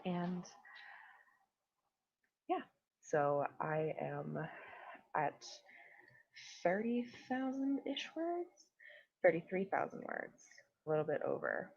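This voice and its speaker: A young woman hosting a casual livestream, chatting and greeting viewers with lots of fillers. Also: fairly low pitch. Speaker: livestream host. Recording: dull lo-fi stream audio.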